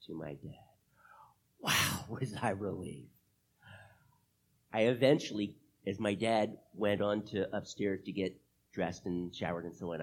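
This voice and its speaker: A man, a pastor, telling a children's sermon story, dropping to a hushed, gentle voice for tender moments. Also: on the low side, a little hiss or hum. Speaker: pastor giving a children's message.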